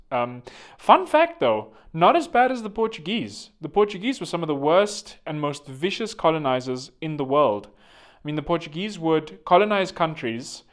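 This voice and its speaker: A man hosting a solo podcast, joking and rambling with self-mocking asides and sudden loud bursts. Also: a little high. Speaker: podcast host. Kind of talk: jokey solo podcast monologue. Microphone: studio microphone.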